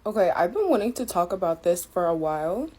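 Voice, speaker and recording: A woman's voice: fairly low pitch, big pitch swings, fairly quick, darkish tone, husky. A woman of Caribbean family telling a casual story in an exasperated, indignant way.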